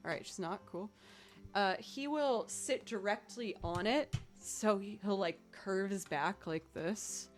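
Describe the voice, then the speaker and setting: Young woman rambling on a stream, chatty, mid pitch, faint music behind her. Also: slow. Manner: chatty and rambling, thanking viewers between anecdotes. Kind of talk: casual livestream chat.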